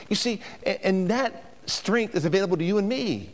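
Animated preacher man, sweeping pitch. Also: moderate pace. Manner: emphatic preaching with sweeping pitch and rhetorical questions. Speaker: pastor. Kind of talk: sermon. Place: church before a congregation.

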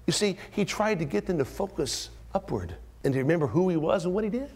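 A man preaching a verse-by-verse sermon as pastor, dropping to hushed whispers and then rising into loud, high-pitched emphasis as he acts out the voices in the text. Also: lively intonation, fast talker, few pauses, slightly rough. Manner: acts out quoted voices with strong pitch jumps. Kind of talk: expository sermon.

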